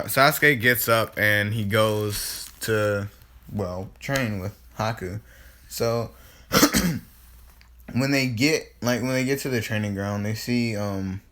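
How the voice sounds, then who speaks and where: Low-voiced guy telling a fan story off the cuff, loose and rambly. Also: fairly bright tone. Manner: rambling, many restarts, casual swearing. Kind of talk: improvised fan-fiction retelling.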